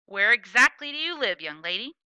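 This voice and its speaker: A woman's voice: fairly high pitch, very animated, brisk, sharp tone, clean tone, no room sound, full character voice, poor audio. Woman doing a curt, stern old lady. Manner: curt, suspicious.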